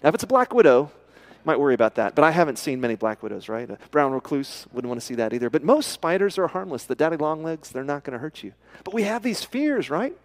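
A man in middle age, from the United States, delivers a sermon in a church. His voice sits a little high, and his talk is loose and conversational. He keeps turning to the congregation with questions. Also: big pitch swings, fast. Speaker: pastor.

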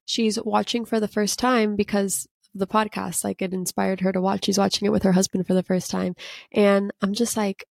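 A woman's voice: medium pitch, little pitch movement, moderate pace, vocal fry, darkish tone, dry recording, studio quality. A woman in her thirties from Miami, a podcast co-host telling a long story in casual chat, full of "like" fillers. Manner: chatty storytelling with many "like" fillers.

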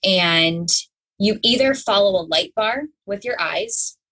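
A woman's voice: medium pitch, slow pace, husky, poor audio. A young adult woman speaking as a podcast guest, telling her story openly and acting out her own inner voice. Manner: open and animated, acts out her own inner voice. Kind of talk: candid conversational storytelling.

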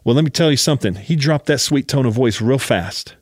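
A man's voice: mid-range voice, expressive, brisk, slightly rough, no room sound, studio quality. A man preaching a sermon as a personal story, emphatic and often urging his listeners to listen.

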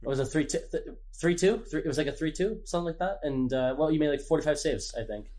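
A man's voice: a little high, fast talker, a little mellow. A man co-hosting a podcast who chimes in with short asides and stammers on his starts. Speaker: podcast co-host, former teammate. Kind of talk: casual podcast chat.

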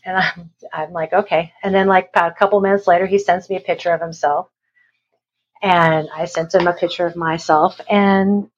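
A middle-aged woman, an interview guest, tells a personal story in a rambling way and acts out the voices of the people she quotes. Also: lowish voice. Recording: dull lo-fi recording.

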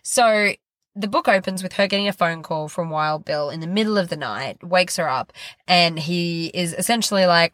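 Chatty lower-voiced woman, dry sound. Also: fairly bright tone, dry recording. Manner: chatty, self-deprecating, quick asides. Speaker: podcast co-host. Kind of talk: casual book-review chat.

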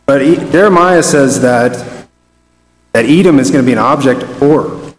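Man preaching in a reverberant hall. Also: medium pitch. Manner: conversational, restarts phrases, reads scripture aloud. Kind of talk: Bible study sermon. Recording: roomy with long reverb.

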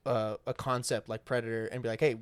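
A man's voice: mid-range voice, flat delivery, quick pace, clear, resonant tone, no room sound. A young man co-hosting a podcast in casual chat, swearing often and filling his talk with "like" and "dude". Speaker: podcast co-host.

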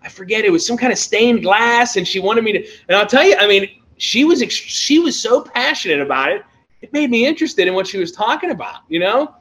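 Excitable high-voiced man telling stories. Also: brisk. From Pennsylvania, USA. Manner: excitable, animated storytelling with laughs. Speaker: toy-hunting show host. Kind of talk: casual chat.

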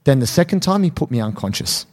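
A man co-hosting a podcast, telling a story in casual chat and acting out quotes in a higher voice. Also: fast. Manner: animated, acts out quotes in high voices. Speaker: podcast co-host.

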